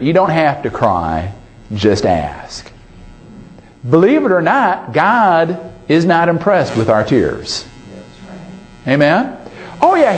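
A man preaching a sermon, emphatic, often calling out for an amen. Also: on the high side. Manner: emphatic, calls for amens, animated delivery. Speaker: pastor.

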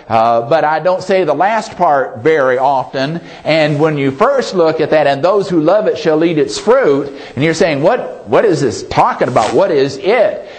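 A man preaching a sermon, halting with many fillers and restarts, slowing down and rising for emphasis. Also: a little high, poor audio. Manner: slows and rises for emphasis. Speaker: pastor.

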